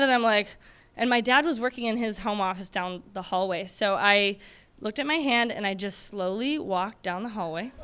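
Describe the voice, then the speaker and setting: Lively woman telling a story. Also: a little high, smooth. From Michigan, USA. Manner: animated, laughing often, acting out voices. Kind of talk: live stage storytelling. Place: stage before a live audience.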